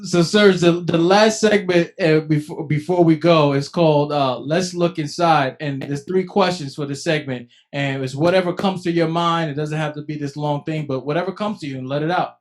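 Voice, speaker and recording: A man hosting a podcast in a casual interview, easygoing and quick to laugh. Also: on the high side, fairly even intonation. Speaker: podcast host.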